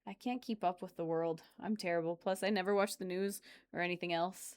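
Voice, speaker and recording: A woman's voice: on the low side, steady tone, a little fast, a little mellow, clean tone. A woman chatting casually on a live stream, rambling and answering viewer comments as she goes. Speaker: streamer reacting to videos.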